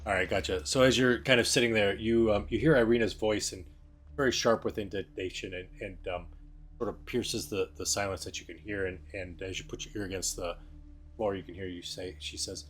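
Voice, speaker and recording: A man's voice: lowish voice, fairly even intonation, fairly quick, breathy edge. A man narrating a tabletop game as game master, describing scenes in a loose, descriptive way.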